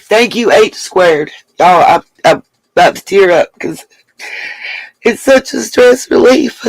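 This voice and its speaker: A woman's voice: mid-range voice, lively intonation, slow pace, creaky, dry recording, rough recording. A woman hosting a live stream, chatting bluntly and emphatically, swearing freely and thanking viewers. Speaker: livestream host. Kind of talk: live-stream commentary and chat reading.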